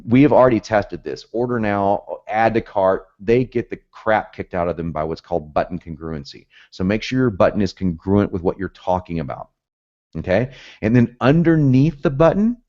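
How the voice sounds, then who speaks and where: A low-pitched man with a Southern US accent, with some Northern traces, teaching copywriting with big swings in his intonation. He talks emphatically and gets pumped up, repeats points, and drops in asides. The audio is a bit dull and lo-fi. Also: animated, moderate pace, mellow. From United States, both North and South. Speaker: copywriting course instructor. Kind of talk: energetic teaching talk.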